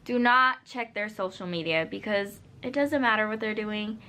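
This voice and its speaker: A woman's voice: medium pitch, normal speed, sharp tone. A young woman vlogging, giving casual, unscripted advice straight to camera, full of "like" and "you know". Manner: earnest, direct advice-giving.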